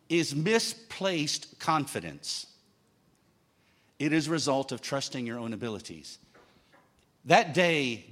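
Brief: male preacher, fairly high voice, emphatic sermon with jokes. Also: pushed and bright. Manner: emphatic, with humorous asides.

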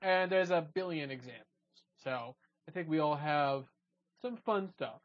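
Higher-voiced man hosting a podcast. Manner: leads the discussion, quick to interject and quibble. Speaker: podcast host. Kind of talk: casual podcast chat. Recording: dull lo-fi podcast audio.

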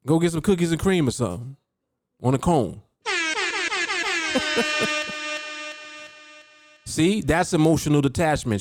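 Male podcast host and coach, higher voice, animated and emphatic, dry close sound. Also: no echo. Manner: emphatic, repeats key words, addresses the listener directly. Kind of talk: motivational podcast talk.

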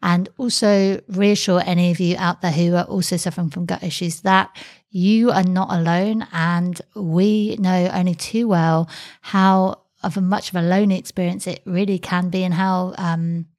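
A woman's voice: lowish voice, fairly even intonation, moderate pace, darkish tone. A woman co-hosting a podcast, speaking in an earnest, reassuring way. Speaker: podcast co-host. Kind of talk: casual chat.

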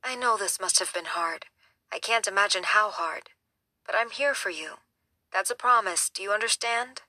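A woman voicing a caring adult woman who speaks gently and asks anxious questions. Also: mid-range voice, normal speed, dry recording, studio quality. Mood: gentle.

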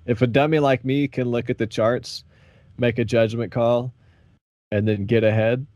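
A man's voice: medium pitch, steady tone, moderate pace, a little mellow, no echo, muffled recording. A man from the American South co-hosting a podcast in loose, profane, laid-back banter. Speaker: podcast co-host. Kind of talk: casual chat.

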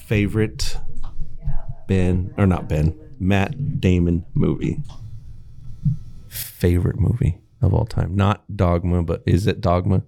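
低めで暗い声の、質問で話を回す男性. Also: male voice, sits low, fairly even intonation, slow, vocal fry, mellow. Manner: steers the talk with questions, says "okay" often. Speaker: podcast co-host. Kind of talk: casual chat.

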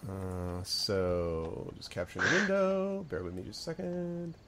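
A man's voice: deep voice, expressive, measured pace, background noise. Man narrating a tabletop game. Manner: rambling, filler-heavy narration. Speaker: game master.

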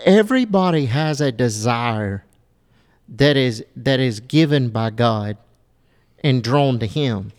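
A man hosting a casual faith conversation, speaking in a searching, halting way with many restarts. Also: medium pitch, expressive, long reverb tail. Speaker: host of a Christian talk show.

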